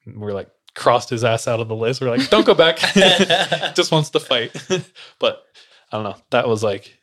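A man's voice: mid-range voice, lively intonation, a little slow, a bit bright, dry recording, studio quality. A young man, a podcast co-host, telling a story in casual chat and acting out the lines of the people in it. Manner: loose, laughing, acts out quotes.

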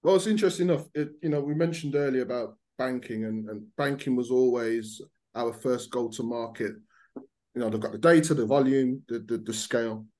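A man from Birmingham with a mild Birmingham accent, speaking as a founder in a casual podcast interview in a measured, businesslike way. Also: mid-range voice, mellow. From Birmingham, England. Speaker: startup founder guest.

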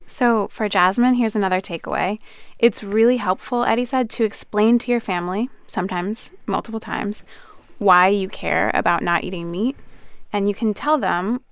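A woman's voice: medium pitch, smooth, no echo, clean studio sound. A woman co-hosting a radio podcast, explaining things in a friendly, conversational way. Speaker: podcast co-host. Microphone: studio mic.

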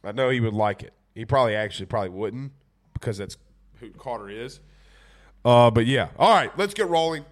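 A man's voice: mid-range voice, lively intonation, brisk. A man with a stuffy, congested voice, hosting a casual sports talk show and rambling through viewer comments. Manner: laid-back, rambling with fillers. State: congested from a cold. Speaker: podcast host.

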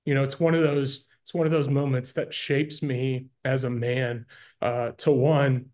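A man in his forties speaking as an interview guest, candid and earnest about his own life. His voice sits at an ordinary middle pitch, and he often repeats a word as he gathers his thoughts. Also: level tone, unhurried, a little mellow. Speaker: nonprofit founder, guest. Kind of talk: conversational interview storytelling.

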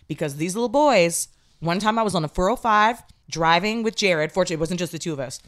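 A woman with a somewhat low voice, talking frankly through a story about her kids. She co-hosts a casual parenting podcast. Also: fast. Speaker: podcast co-host, mother. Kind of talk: casual chat.

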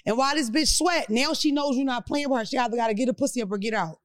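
A woman hosting a casual podcast chat, animated and joking, swearing freely as she tells stories. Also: fairly high pitch, rapid-fire, no echo. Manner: animated, profane, joking storyteller. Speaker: podcast host.

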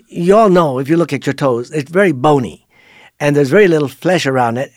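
A man's voice: mid-range voice, dry recording. Plain-spoken missionary man, dry sound. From Thailand. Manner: plain-spoken, restarts phrases, acts out quoted dialogue. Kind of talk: storytelling interview.

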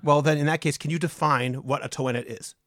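A man hosting a podcast, reading a scripted intro in a clear, steady way and then asking interview questions. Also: on the high side, fairly quick, dry recording, clean studio sound. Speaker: podcast host.

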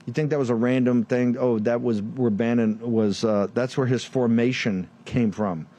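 A combative man hosts a political commentary show. He fires off rhetorical questions and sarcastic asides at a middling pitch. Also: steady tone, moderate pace, dark tone. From Virginia, USA. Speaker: show host.

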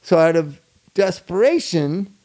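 A man's voice: high-pitched, expressive, a little slow, dark tone. A man in casual chat, telling a story animatedly and acting out the people in it.

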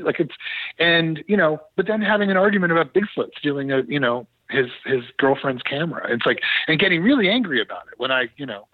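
A man, a TV producer, telling animated, laughing anecdotes in a casual interview, with frequent fillers. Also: a little high, fast talker, slightly rough, no echo, narrow, tinny audio. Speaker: TV producer, guest.

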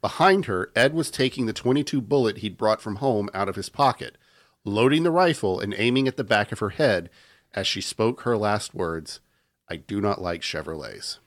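A man hosting a podcast, reading a true-crime story aloud in an even narrating tone. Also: fairly low pitch, normal speed. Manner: reads the story aloud in an even narrating tone, breaking into laughter at the banter. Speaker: podcast host.

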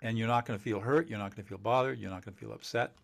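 Animated gravelly-voiced man explaining. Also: on the low side, racing. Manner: animated, emphatic, laughs often, acts out quoted dialogue. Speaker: communication teacher and guest. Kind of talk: conversational interview.

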